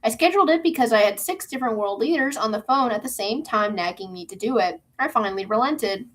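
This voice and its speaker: A woman reading aloud the lines of a cool, commanding female official, calm and curt. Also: fairly high pitch, fast.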